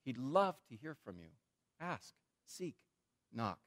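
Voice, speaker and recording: A man preaching a sermon as a pastor, in a conversational, animated way with frequent repetitions. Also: mid-range voice, takes it slowly.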